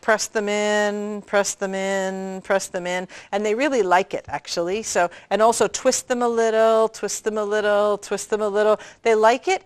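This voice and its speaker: A woman's voice: medium pitch, no echo. A woman midwife teaching a prenatal class, talking hands-on and checking in with her listeners. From Canada. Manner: chatty, demonstrative, often checking in with "okay?".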